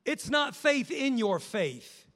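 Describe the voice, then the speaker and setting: Very animated yet slow, a high-voiced pastor delivers a fervent sermon that swings between loud exhortation and quiet, prayerful murmurs. His words echo with long reverb, as if in a big hall.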